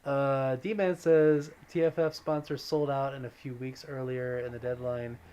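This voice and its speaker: A man's voice: medium pitch, level tone, unhurried, mellow, clean tone. Upbeat man chatting on a livestream. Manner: chatty and upbeat, greets viewers by name. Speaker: livestream host. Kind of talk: casual livestream chat, reading viewer comments.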